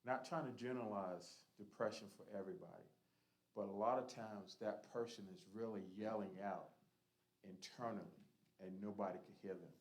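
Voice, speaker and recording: A man's voice: on the low side, normal speed, poor audio. A man leading a church Bible study, teaching in an earnest, emphatic, conversational way.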